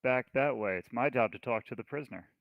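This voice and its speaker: A man's voice: mid-range voice, fairly quick, gravelly, a bit bright, dry recording. A man voicing a small, bold female adventurer who bluffs her captors. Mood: cheeky. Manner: cheeky, bluffing.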